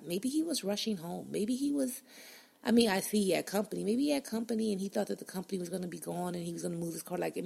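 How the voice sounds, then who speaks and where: A woman hosts her own podcast with a deeply gravelly, fry-heavy voice. Her tone is husky and a bit rough. She talks casually and bluntly, swears freely and acts out her own reactions as she tells a story. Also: darkish tone. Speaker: podcast host.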